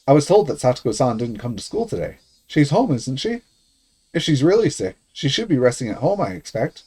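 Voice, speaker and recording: Guy reading as a polite stubborn social worker, formal, lively pitch. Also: brisk, slightly rough. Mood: insistent.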